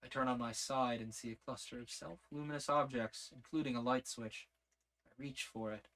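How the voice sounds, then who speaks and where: Reading a story told in the first person, a man narrates the audiobook with a mid-range voice, even and measured throughout.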